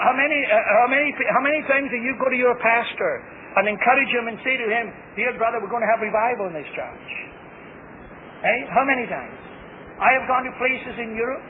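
A man from Britain preaching a fervent sermon, repeating himself and restarting phrases as he drives his point home. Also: high voice. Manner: fervent, repetitive, stammering restarts. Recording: tinny phone-like archival recording with faint hiss.

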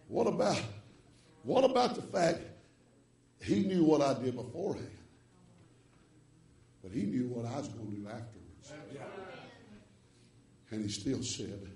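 A man preaching a revival sermon, swinging from hushed tones to chanted shouts with rhythmic "uh" breaths. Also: medium pitch, expressive, unhurried, gravelly, pauses often, roomy sound, distant mic.

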